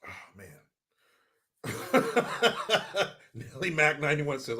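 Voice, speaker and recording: A man's voice: on the high side, big pitch swings, measured pace, pauses often, pushed and bright. A man hosting a live commentary stream, reading chat comments in a mock-serious, sarcastic and profane way.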